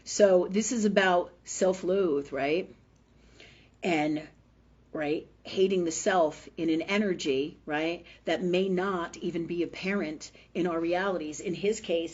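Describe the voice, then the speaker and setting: A woman in her fifties who is feeling unwell hosts a casual spiritual livestream, speaking bluntly, profanely, and emphatically while often asking "right?" Her voice is lowish, slow, darkish, and slightly rough. The audio is dull and a bit lo-fi, captured on a webcam or phone mic.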